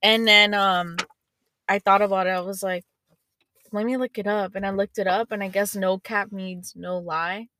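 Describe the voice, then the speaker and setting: A young woman podcast host telling casual stories with lots of swearing, animated and chatty. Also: mid-range voice, moderate pace. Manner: swears a lot, animated storytelling. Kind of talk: casual chat.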